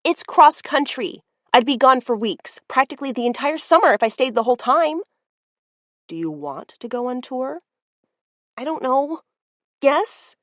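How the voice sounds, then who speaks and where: A woman voicing a flustered, proud young woman who talks in rushed, agitated bursts in an audiobook. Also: high-pitched, expressive, no echo, pitched above the performer's own voice. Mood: anxious. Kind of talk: audiobook character voice.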